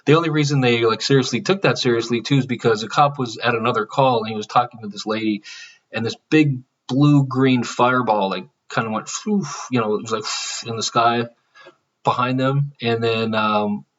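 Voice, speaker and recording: A man's voice: medium pitch, steady tone, fairly quick, fairly bright tone, distant mic, muffled recording. A man talking casually to his channel, rambling with many fillers and restarts. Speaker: channel host. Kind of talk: casual spiritual vlog monologue.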